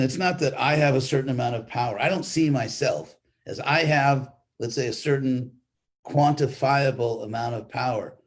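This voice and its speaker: Older guy preaching a class, husky voice, chatty and wandering, dry little jokes. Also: mid-range voice. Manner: conversational, rambling, with restarts and wry humor. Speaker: spiritual teacher giving a class. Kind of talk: informal sermon with storytelling. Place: online class stream.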